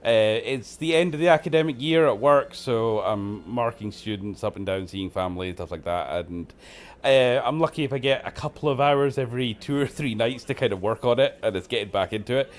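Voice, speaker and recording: A man's voice: mid-range voice, a little fast. A man giving casual, joking commentary while playing a game, laughing often and poking fun at himself. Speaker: game streamer host.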